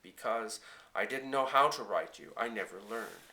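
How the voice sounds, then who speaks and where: Male reader doing an ashamed old grandpa from a storybook, earnest and halting, bright tone. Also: lowish voice, expressive. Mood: remorseful.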